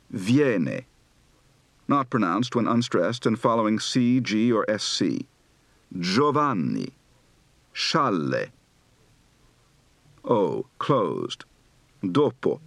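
Slow, carefully enunciating male accent coach. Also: mid-range voice, no echo. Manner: slow, deliberate enunciation of drills. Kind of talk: dialect instruction recording.

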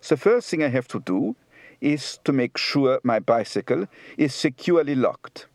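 An unhurried Dutch man, put on by an accent coach, speaks English with a heavy Dutch accent, slow and deliberate. His voice rises and falls in lively swings. The sound is dry and close, with no room around it. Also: medium pitch, vocal fry, no room sound. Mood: measured.

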